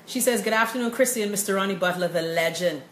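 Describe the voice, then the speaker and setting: A Bahamian woman hosts a live-stream in a chatty, upbeat way, calling out viewers by name as she reads their comments. Her voice sits at a middle pitch, in a roomy, echoing space with a faint hum of noise behind. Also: quick pace, fairly bright tone. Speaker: host of a live show. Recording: echoey room with faint noise.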